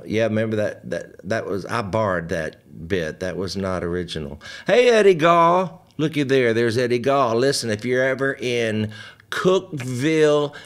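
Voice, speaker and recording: Folksy older man, slow talker. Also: on the low side. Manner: folksy, joking, chatting with viewers' comments. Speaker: host of a live stream. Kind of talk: casual live-stream chat and hymn singing.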